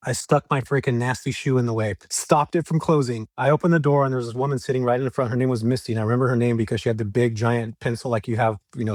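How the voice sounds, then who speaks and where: A middle-aged man from California talks quickly as a podcast guest, piling up casual slang as he tells his story. His voice sits at an ordinary pitch and is recorded close and dry, with no room sound. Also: a little mellow, dry recording. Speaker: guest, real estate investor.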